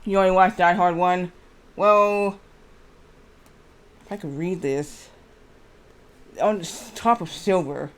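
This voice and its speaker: High, smooth-voiced man rambling on stream. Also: fairly even intonation, fairly bright tone. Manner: rambling, reads aloud haltingly with many fillers. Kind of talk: casual live-stream chat.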